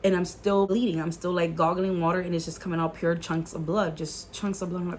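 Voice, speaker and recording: A woman's voice: fairly low pitch, flat delivery, brisk, few pauses, a little mellow, a little hiss or hum. Earnest woman sharing a faith testimony. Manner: earnest and emotional, many "like" fillers; mixes in Spanish phrases. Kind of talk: casual testimony storytelling.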